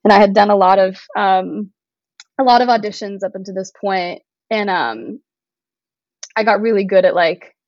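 A woman's voice: mid-range voice, moderate pace, a little mellow, no room sound. Young woman guest, casual and chatty, emotional at times; dull, dry recording. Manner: chatty, lots of "like", gets emotional. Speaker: podcast guest, singer-songwriter. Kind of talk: casual interview chat.

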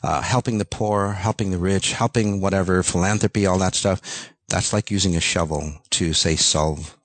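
Deep-voiced man ranting bluntly. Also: fairly even intonation, normal speed, no room sound. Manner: ranting, blunt, swears, many fillers. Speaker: self-help speaker. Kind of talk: unscripted motivational monologue.

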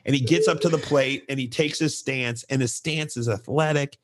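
A man's voice: medium pitch, normal speed. A middle-aged man, co-hosting a casual podcast and animatedly telling a youth baseball story, acting out the voices of kids and coaches.

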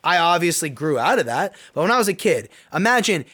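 A man's voice: a little high, very animated, brisk, sharp tone. A man hosting his own podcast, giving an earnest, rambling personal opinion monologue full of restarts. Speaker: podcast host and youth basketball coach.

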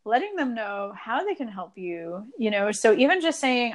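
A woman's voice: a little high, big pitch swings, a little slow. A woman guest on an interview, explaining relationship advice in an earnest, casual way with many fillers.

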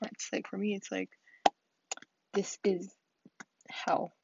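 A woman's voice: mid-range voice, little pitch movement, slow, vocal fry, pauses often, darkish tone, breathy edge, dry recording, highs cut off. A young woman hosting a solo podcast, rambling and self-deprecating, often dropping into a whisper. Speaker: podcast host.

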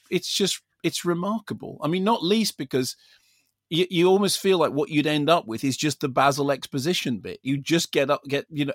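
Male film critic co-host, excitable, stumbling restarts, dead-dry cupboard sound. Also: fairly high pitch, no room sound. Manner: enthusiastic, stammering restarts, laughs often. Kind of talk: casual chat. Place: shoe cupboard at home.

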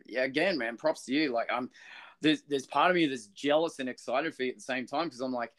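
A man's voice: mid-range voice, brisk, a bit bright. A man hosting a casual music interview, enthusiastic and effusive with lots of praise. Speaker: interviewer host.

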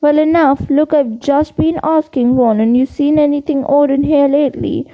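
A woman doing a gruff gamekeeper giant. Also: sits high, fairly even intonation, moderate pace, highs cut off. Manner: rough dialect grammar. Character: big gruff male forest gamekeeper, blunt and homely.

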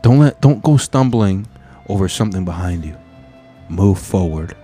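A man's voice: deep voice, expressive, moderate pace, mellow, faint music behind. A man hosting a podcast, signing off in a casual, profane and emphatic pep talk. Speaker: podcast host. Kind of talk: casual sign-off.

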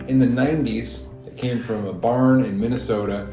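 Young man, podcast co-host, deadpan, crude jokes, echoey room, faint guitar. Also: medium pitch, moderate pace. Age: young adult. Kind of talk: casual comedic podcast chat.

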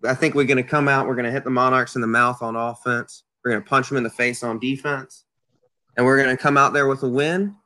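A man guest on a casual podcast, talking in an animated way with frequent restarts. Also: medium pitch, a little fast.

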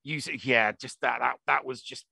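A man's voice: mid-range voice, steady tone, normal speed, vocal fry, bright, forceful tone, no room sound. A man co-hosting a casual podcast chat, stammering through many false starts and repeated words. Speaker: podcast co-host.

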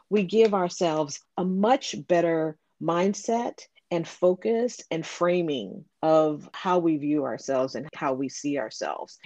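A middle-aged woman telling a personal business story on a podcast, earnest and animated, acting out quoted conversations. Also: sits low, no room sound, lo-fi sound. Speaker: podcast guest, business owner. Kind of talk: reflective storytelling.

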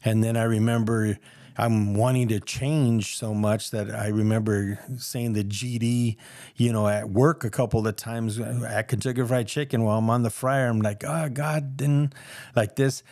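A man's voice: fairly low pitch, flat delivery, normal speed, a little mellow, dry recording, studio quality. Earnest man telling his faith story. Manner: earnest, rambling, acts out quoted voices. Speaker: guest sharing his testimony. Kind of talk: casual personal storytelling.

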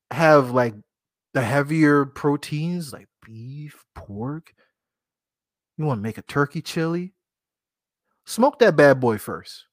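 A man's voice: fairly high pitch, no room sound, studio quality. A man hosting a podcast, chatting casually about cooking, joking, laughing at himself and talking straight to his listeners. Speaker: podcast host.

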